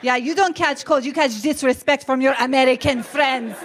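A woman's voice: high voice, normal speed, crowd noise, noisy background, lightly acted. A woman voicing a bossy, guilt-tripping immigrant mother who scolds in broken English. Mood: mocking.

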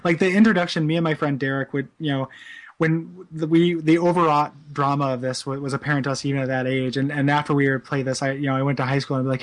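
A man's voice: mid-range voice, steady tone. A man in his thirties co-hosting a casual chat, rambling with many "like"s and "you know"s and laughing easily. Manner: amused, quick to laugh. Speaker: podcast co-host. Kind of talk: casual chat about a video game.

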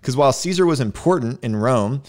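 A man's voice: medium pitch, expressive, a little fast. A man hosting a podcast, explaining scripture in casual chat and often checking in with "right?". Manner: emphatic, keeps asking "right?". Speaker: podcast host teaching scripture.

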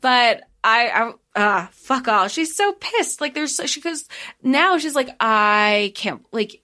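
A woman co-hosting a podcast, talking over a book in an animated, casual way with some swearing. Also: high voice, measured pace. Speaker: podcast co-host.

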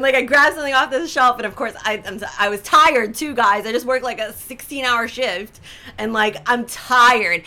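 A young woman telling a story to her followers in casual chat, animated and dramatic, with frequent "right?" asides and exaggerated quoted voices. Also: high-pitched. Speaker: social media storyteller.

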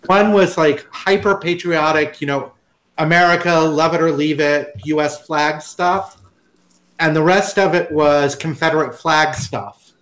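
A man in a relaxed podcast conversation, his voice sitting a bit high for a man. He tells a long tale in loose, halting bursts, often stopping to restart a sentence before getting to the point. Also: low-quality recording. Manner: rambling storyteller with frequent restarts. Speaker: podcast guest. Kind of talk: casual chat.

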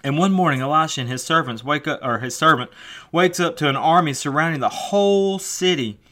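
A man's voice: on the high side, a little fast, sharp tone. A man preaching a sermon, earnest, often repeating words as he builds a point.

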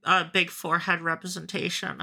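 A podcast co-host chatting casually, reacting excitedly to the jokes. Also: mid-range voice, fairly quick, creaky, crowd noise. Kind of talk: casual chat.

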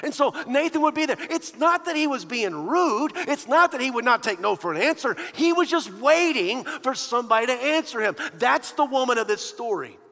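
A man preaching a sermon, animated, shifting from hushed to loud. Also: very high-pitched, moderate pace, hardly any pauses. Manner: animated, swinging from hushed to loud with quoted voices. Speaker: pastor. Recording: long hall reverb.

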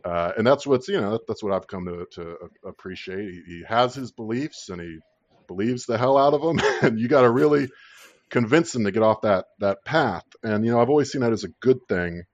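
A man's voice: on the low side, animated, brisk, no room sound, muffled recording. A man in his thirties casually telling a rambling personal story, swearing freely and laughing at his own tale.

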